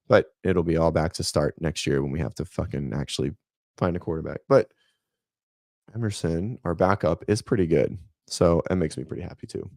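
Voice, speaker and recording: Low gravelly guy rambling casually to his viewers, dry close sound. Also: darkish tone, dry recording. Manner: rambling, laid-back, talks to viewers by name. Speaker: fitness coach and channel host. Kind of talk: casual livestream chat.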